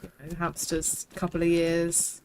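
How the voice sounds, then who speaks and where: A woman's voice: on the low side, completely flat delivery, measured pace, darkish tone, a little hiss or hum, low-quality recording. Chatty young woman streamer. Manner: chatty, rambling, swears casually. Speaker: game streamer. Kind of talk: casual chat while live-streaming a game.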